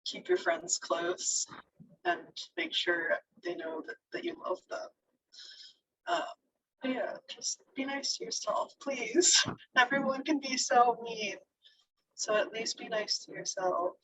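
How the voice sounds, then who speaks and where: A woman's voice: sits high, animated, slow, creaky, recorded from a distance, noisy background. A young woman being interviewed, talking casually and emotionally, teary and laughing through it.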